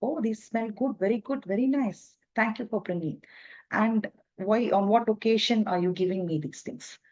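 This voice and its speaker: A woman voicing a male king who speaks softly and graciously, on a dull lo-fi recording. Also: mid-range voice, moderate pace, close to an everyday voice. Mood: pleased. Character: pleased, remorseful male king.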